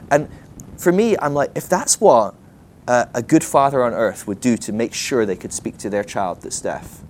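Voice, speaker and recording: Animated man teaching casually. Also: medium pitch, slight background noise. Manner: lively, animated, acts out quoted voices. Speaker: ministry school teacher.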